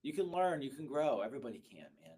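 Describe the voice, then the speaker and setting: A man in his thirties hosting a live show, giving an excitable, high-energy motivational sales talk that swings between loud bursts and low, slow stretches. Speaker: host.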